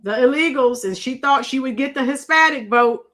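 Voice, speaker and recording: Woman host, high and bright, chatty live-stream reaction, talks to her chat. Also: moderate pace. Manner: chatty, addresses viewers and chat, frequent fillers. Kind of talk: casual live-stream commentary.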